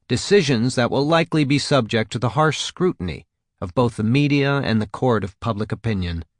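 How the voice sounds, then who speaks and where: A man narrating a nonfiction audiobook in a measured, even reading style. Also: medium pitch, no room sound, clean studio sound.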